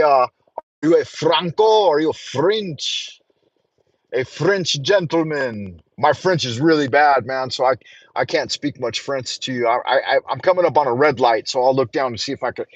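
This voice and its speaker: A man's voice: a little high, no echo. A man hosting a casual livestream from his car while driving, rambling, joking and swearing freely. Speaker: livestream host. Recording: dull, dry lo-fi sound.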